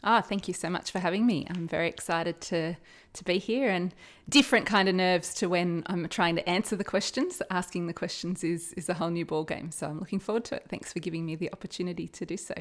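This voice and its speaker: A woman's voice: on the low side, steady tone, fast. A woman with an Australian accent, guest-hosting a trivia podcast, chatting and reading questions with frequent laughs. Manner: friendly, laughs often. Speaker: guest quiz host.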